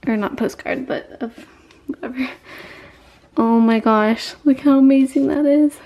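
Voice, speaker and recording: A young woman hosting a beauty unboxing vlog, gushing and squealing with excitement. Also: high voice, a little slow, muffled recording. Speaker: beauty vlogger. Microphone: camera mic.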